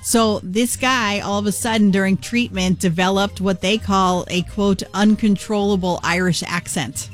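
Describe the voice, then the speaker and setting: A woman's voice: medium pitch, steady tone, moderate pace, hardly any pauses, faint music behind. A woman hosting a radio morning show, chatting and running a fill-in-the-blank game. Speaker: radio host.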